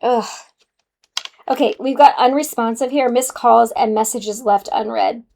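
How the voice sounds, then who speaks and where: A woman's voice: on the high side, fairly even intonation, a little slow, gravelly, darkish tone. A woman giving a casual, sassy spiritual card reading to the viewer, calling them honey. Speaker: tarot card reader.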